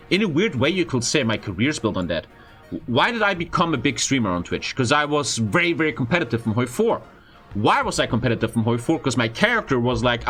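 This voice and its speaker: Young man, streamer, storytelling, lively up-and-down pitch, bright tense tone, lots of swearing, faint music behind. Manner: profane, expressive, frequent swearing. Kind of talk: casual storytelling chat.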